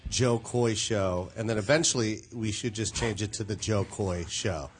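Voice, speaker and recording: A man's voice: fairly low pitch, moderate pace, slightly rough. A man co-hosting a podcast, telling wry stories and laughing often in casual chat. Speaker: comedian co-host.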